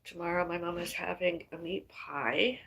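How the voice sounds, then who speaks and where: Woman, livestream chat, gravelly, bright tone, rambling, thinking aloud. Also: fairly low pitch, fairly even intonation, normal speed. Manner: rambling, musing aloud, trailing off.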